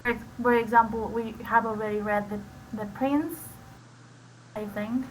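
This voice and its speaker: A woman with a Spanish accent and a somewhat high voice talks through her reading sessions in a loose, rambling way, leaning on "like" and restarting sentences. Her first language is Spanish, and she comes through a computer mic on a voice chat with a faint hiss behind her. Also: steady tone, measured pace, poor audio. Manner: rambling, with many "like" fillers and restarts. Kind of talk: casual screen-share explanation.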